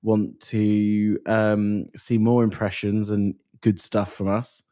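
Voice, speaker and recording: A man's voice: on the low side, little pitch movement, slow pace, mellow. A man co-hosting a podcast, chatting casually and teasing his co-host with jokes. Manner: joking and teasing. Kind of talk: casual chat.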